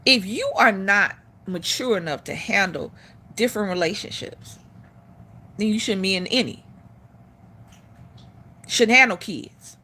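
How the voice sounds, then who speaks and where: Woman, middle-aged, blunt and sassy, bright husky voice, lively pitch. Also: normal speed. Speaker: live stream host. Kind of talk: casual opinion talk.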